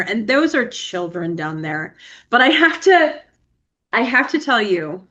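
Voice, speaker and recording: A young woman co-hosting a casual podcast, her voice sitting high. She tells stories with plenty of energy, laughing often and acting out each scene. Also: a little slow. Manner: animated storyteller, laughs often, acts out scenes. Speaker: podcast co-host. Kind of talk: casual chat.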